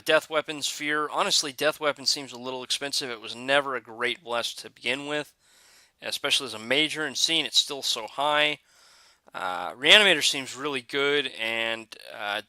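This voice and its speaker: A man talks through game changes in a relaxed, thinking-aloud way, often pausing on filler sounds and restarting his sentences. His voice is very bright and smooth. The recording is dry and close, with no room sound. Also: mid-range voice, dry recording. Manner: hesitant, many "uh" fillers and restarts. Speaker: gaming video creator. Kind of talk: casual game commentary.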